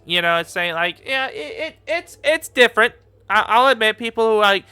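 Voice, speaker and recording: A man giving casual reaction commentary, rambling and repeating himself with lots of fillers, and quick to laugh and get excited. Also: sits high, clean tone, faint music behind. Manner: gets excited and laughs easily. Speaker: YouTube commentator.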